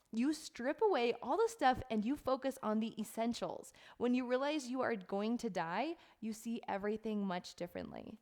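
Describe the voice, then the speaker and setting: A middle-aged woman coach talks to camera in an earnest, heartfelt way. Her delivery is soft and unhurried, and she repeats words for emphasis. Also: mid-range voice. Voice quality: earnest and heartfelt, close to tears at times. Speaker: life coach. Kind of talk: reflective talk to camera.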